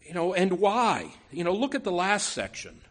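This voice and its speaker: A man preaching a sermon from the pulpit, earnest and deliberate, often saying "you know" and restarting phrases. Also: high voice, huge pitch swings, fairly bright tone. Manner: slow, deliberate delivery with emphatic rises. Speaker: pastor.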